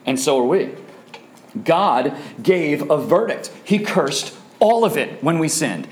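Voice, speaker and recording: A man's voice: on the high side, lively intonation, slow. A man preaching a sermon, emphatic and firing rhetorical questions at his listeners. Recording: echoey room.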